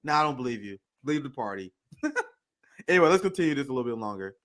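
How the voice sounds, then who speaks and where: A man hosting a livestream, reacting to a video clip with heated, profane, animated ranting. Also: medium pitch, fast. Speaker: political commentary host.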